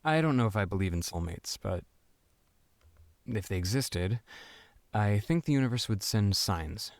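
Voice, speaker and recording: A man's voice: fairly low pitch, lively intonation, normal speed, no echo. A man voicing a sarcastic young male coworker turned love interest in a visual novel game. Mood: tender. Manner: sarcastic, teasing. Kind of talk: voiced visual novel dialogue.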